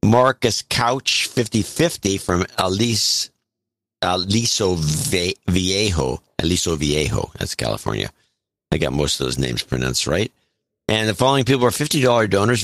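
A man's voice: lowish voice, a bit bright, no echo. A man co-hosting a podcast, casually reading out donor names and towns and stumbling over some of them. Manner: reads names and cities, stumbles on pronunciation. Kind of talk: casual chat.

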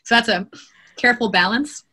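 A woman audiobook narrator chatting in an interview. Her voice sits high with a bright edge. She talks in an animated way, laughs easily and slips into acted quotes. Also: fairly quick, husky. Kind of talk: interview conversation. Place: home studio.

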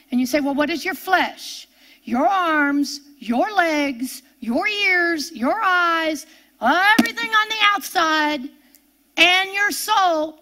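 An older woman delivers a sermon in a high, bright voice. She lingers on key words with heavy emphasis, then rushes through quick asides to her listeners. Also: lively intonation. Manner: emphatic, drawn-out preaching with sudden fast asides. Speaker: preacher.

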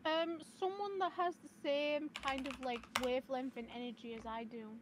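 A woman's voice: high-pitched, steady tone, normal speed, noisy background. A woman from Yorkshire with a Yorkshire accent, giving dry, guarded, short answers in casual in-character role-play chat. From Yorkshire, England.

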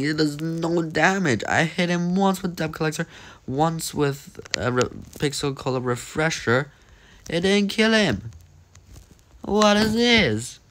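Animated young man commenting on gameplay. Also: fairly high pitch. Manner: animated, jokey, talks to himself while playing. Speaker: gaming commentator.

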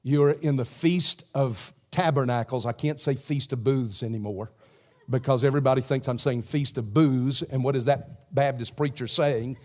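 A man with a Southern accent preaching a sermon as pastor, swinging from loud emphasis to a hushed prayer. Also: medium pitch, steady tone, moderate pace. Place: church sanctuary.

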